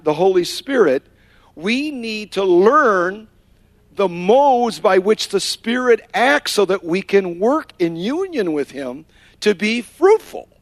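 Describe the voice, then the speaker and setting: A man's voice: sits high, no echo. A man giving a sermon, telling a personal story and acting out the quotes, with Spanish phrases dropped in. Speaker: preacher.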